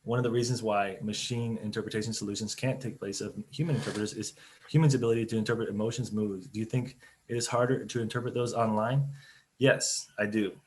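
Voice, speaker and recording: A man with a fairly low voice talks casually over a video call during a business webinar. He rambles a bit, with frequent ums and self-corrections. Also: steady tone, fast, a little hiss or hum. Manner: chatty, loose, many fillers and restarts. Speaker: company CEO on a webinar panel.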